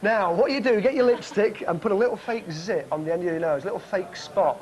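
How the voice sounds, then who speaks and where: A man's voice: high voice, fast, highs cut off, a crowd in the background. Cheeky man doing street patter. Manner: cheeky, chatty, joking. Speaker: host, street magician. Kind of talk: comic street patter to camera. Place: city street, outdoors.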